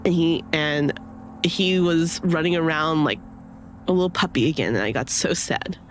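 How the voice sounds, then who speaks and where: A woman's voice: low voice, moderate pace, a little hiss or hum. A young woman chatting casually, rambling with many fillers and sometimes tearful. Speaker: streamer. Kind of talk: casual chat.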